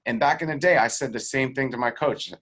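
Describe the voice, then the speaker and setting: Animated man teaching with acted-out voices. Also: mid-range voice, fairly quick. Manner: animated storyteller who acts out quoted voices; swears casually and laughs between points. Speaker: guest real estate sales coach. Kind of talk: casual interview teaching.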